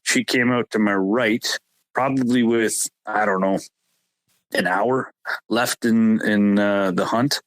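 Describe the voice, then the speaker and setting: Male podcast co-host, low and dry, halting storyteller who stumbles and repeats himself. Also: steady tone, no room sound, poor audio. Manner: halting, repeats words and restarts often. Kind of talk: casual storytelling chat.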